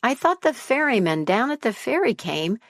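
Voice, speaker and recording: A woman voicing a restless captive princess who pleads in a high, startled voice. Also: sing-song, normal speed, a bit bright, exaggerated voice. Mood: pleading.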